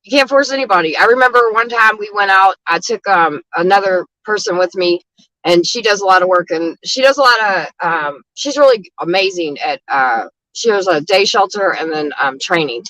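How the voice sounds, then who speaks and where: Blunt, bright-voiced woman advocate. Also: mid-range voice, normal speed, no echo, low-quality recording. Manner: frank and blunt, with frequent swearing and "you know what I mean". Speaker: street outreach advocate. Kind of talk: casual storytelling chat.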